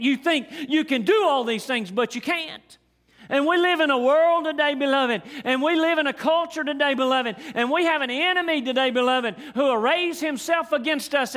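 A middle-aged preacher with a drawl and a high, bright-pitched voice, delivering a sermon from the pulpit. He drops to near whispers, then builds to shouted refrains, repeating key lines for emphasis. His voice carries a long reverb, as if filling a church sanctuary. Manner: dramatic swings from hushed to shouted, repetitive emphatic delivery. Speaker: pastor.

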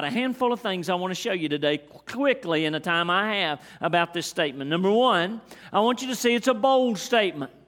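Pastor guy, middle-aged, preaching loud then hushed, repeats lines a lot, big church echo. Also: high-pitched. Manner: dramatic swings from hushed to shouted, repetitive emphatic delivery. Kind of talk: sermon. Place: church sanctuary. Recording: long reverb of a church hall.

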